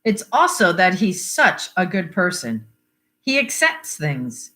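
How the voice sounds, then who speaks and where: A woman's voice: lowish voice, wildly swooping pitch, takes it slowly, pushed and bright, exaggerated voice. A woman reading the lines of a blunt, bitter middle-aged father grieving for his sick son, in her own voice with little change. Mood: somber. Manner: blunt, swears, wry about odds.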